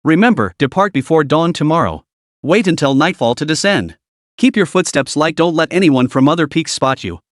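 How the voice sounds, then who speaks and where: A man voicing a stern, boastful elderly sect elder who scolds and plots in hushed tones. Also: fairly high pitch, expressive, normal speed, dry recording, clean studio sound, close to an everyday voice. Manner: scolding, conspiratorial.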